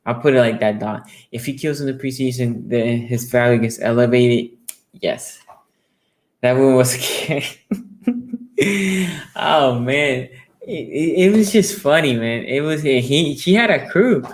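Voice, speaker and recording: A man hosting a casual sports talk show, reading viewer comments aloud and answering them. He rambles and restarts his sentences, then bursts into high, excited storytelling. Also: unhurried. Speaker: sports talk show host taking callers.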